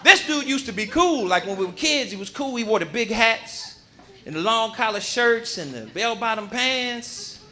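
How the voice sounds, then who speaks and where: A male comedian performs a live stand-up set in a comedy club, holding a handheld mic and telling stories in a lively, punchy style. His voice is very high-pitched and his speed is normal.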